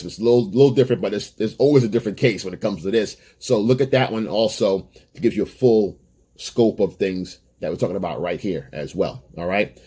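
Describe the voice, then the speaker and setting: Warm and on the low side with a breathy edge, this man's voice carries a direct-to-camera monologue of dating advice. As a dating coach, he's blunt and emphatic, lecturing and going over his points repeatedly.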